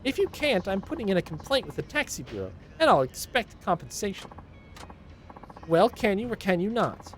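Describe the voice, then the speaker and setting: A man's voice: big pitch swings, moderate pace, a bit bright, a little hiss or hum. A man reading game lines aloud, voicing a rude, impatient woman passenger who nags and complains. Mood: irritated. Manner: shrill, nagging, huffy.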